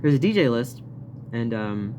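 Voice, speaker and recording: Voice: medium pitch, very animated, moderate pace, mellow, a little hiss or hum. A vlogger telling a story in a casual, rambling rant, swearing often and laughing now and then. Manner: profane, rambling, frequent laughs.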